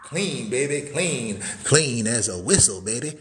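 The recording is very noisy. A man with a mid-range voice and big pitch swings talks at a measured pace, hosting a hyped live sales stream as he moves through a wooden cabin, full of hype-man catchphrases and sudden whoops.

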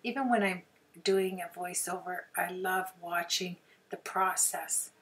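Hoarse woman narrating a craft video. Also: lowish voice, steady tone, a little slow, fairly bright tone, distant mic. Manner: chatty, frequent throat clearing and apologies. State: hoarse, sore throat. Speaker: card-making crafter. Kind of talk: casual crafting tutorial voice-over.

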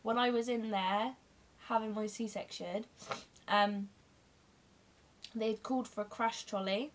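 A woman's voice: on the high side, steady tone, takes it slowly. A young woman candidly telling a long personal story in a rambling, emotional way. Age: young adult. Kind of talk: casual storytelling vlog.

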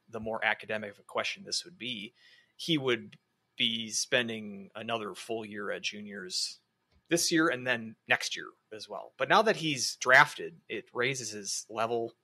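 A man co-hosting a casual sports podcast, his voice bright and forward. He reasons his way through each point, hedging and restarting often. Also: lowish voice, unhurried, husky. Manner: analytical, hedging with many restarts. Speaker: podcast co-host.

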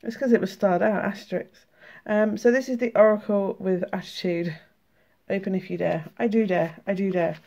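British woman vlogger with a sore throat, gravelly, casual and laughing, swears a lot; lo-fi home recording. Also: medium pitch, steady tone, moderate pace, warm tone. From United Kingdom. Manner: chatty and laughing, swearing freely. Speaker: tarot and oracle card vlogger. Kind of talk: casual card flip-through, reading cards aloud.

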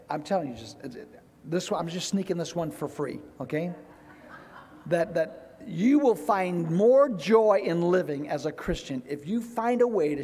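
Animated pastor preaching in a reverberant church. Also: male voice, on the high side, a little hiss or hum. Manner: emotional, animated, acts out quoted voices. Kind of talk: sermon. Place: church sanctuary.

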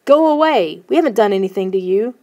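A woman voicing a daring, excited boy who talks eagerly and shouts when scared in an audiobook. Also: high voice, moderate pace, pitched above the performer's own voice. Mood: frightened shouting.

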